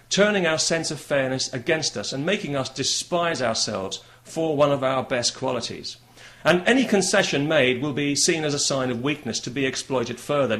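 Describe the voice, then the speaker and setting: A man's voice: fairly high pitch, a bit bright. A man with a British accent delivering a combative political monologue, sarcastic and mocking in tone. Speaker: political commentator. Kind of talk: monologue commentary to camera.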